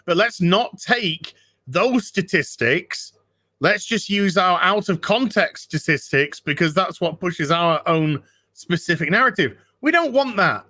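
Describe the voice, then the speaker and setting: A man's voice: high-pitched, a little slow, sharp tone, no echo, clean studio sound. A man ranting with heavy swearing as a guest in a casual podcast chat. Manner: profane, ranting.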